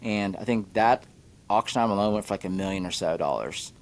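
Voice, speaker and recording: A man hosting a podcast, with a Midwestern American accent, talking casually and haltingly with lots of fillers like "you know" and "like". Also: on the low side. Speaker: podcast host.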